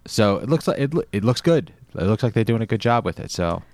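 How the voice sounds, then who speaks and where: A man's voice: lowish voice, sing-song, fast, darkish tone, no room sound. A man hosting a casual chat, laid-back and laughing often. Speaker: podcast host.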